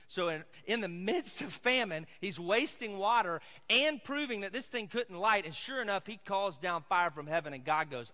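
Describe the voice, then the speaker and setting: A man's voice: sits high, animated, moderate pace, hardly any pauses, sharp tone, long reverb tail. A man with a Southern American accent preaching a sermon as pastor, casual and conversational with asides to the audience.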